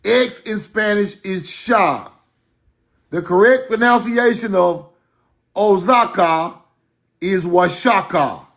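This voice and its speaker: Slow, emphatic man lecturing over slides. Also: high-pitched, a bit bright. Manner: emphatic, repeats points, directs slides.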